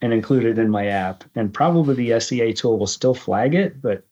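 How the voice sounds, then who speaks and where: A man's voice: mid-range voice, lively intonation, fairly quick, darkish tone, lo-fi sound. A man in his fifties, a guest in casual conversation, talking thoughtfully with many restarts.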